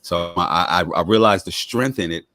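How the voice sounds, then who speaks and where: A man with a deep voice, a rapper and podcaster talking casually as a guest in an interview. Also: bright, forceful tone, dry recording, soft background music. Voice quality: deep voice others remark on. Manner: laid-back, self-promoting, quick-talking.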